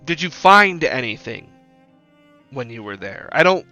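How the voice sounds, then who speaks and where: A man's voice: medium pitch, very animated, unhurried, sharp tone, lo-fi sound, faint music behind. A man playing a curt, bored general. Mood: impatient. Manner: curt, impatient. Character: bored, annoyed armored general.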